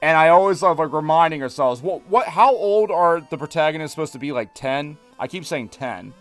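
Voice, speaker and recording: A man's voice: a little high, lively intonation, fairly quick, a bit bright, faint music behind. A man in his thirties streaming a game, chatting in a loose, rambling way full of restarts. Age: 30s. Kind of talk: casual let's-play chat.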